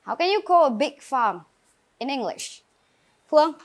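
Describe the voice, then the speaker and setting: A woman with a Vietnamese accent leads an English class, her voice high and bright in pitch. She calls on students by name, drills new words and encourages them clearly. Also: sing-song, moderate pace. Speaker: English teacher. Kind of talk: classroom grammar lesson.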